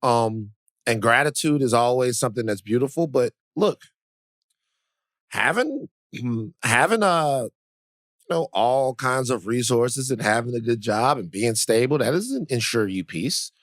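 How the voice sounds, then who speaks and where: A man's voice: medium pitch, expressive, a little slow, fairly bright tone, no room sound, clean studio sound. A middle-aged man co-hosting a podcast, talking in casual chat that rambles, full of restarts and "you know"s. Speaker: podcast co-host.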